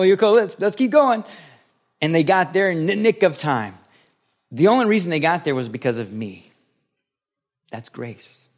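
A middle-aged man preaching a sermon as pastor, lively and playful, acting out little scenes as he teaches. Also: medium pitch.

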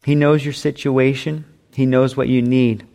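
A man preaching a sermon, swinging from loud emphasis to soft near-whispers and acting out imagined voices in quick asides. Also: medium pitch, fairly even intonation, creaky.

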